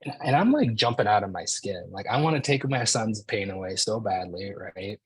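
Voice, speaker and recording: A man's voice: lowish voice, animated, normal speed, slightly rough, dry recording, poor audio. A man in his forties telling a personal story to an audience in a casual, conversational way, often saying "like" and "right?". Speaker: speaker.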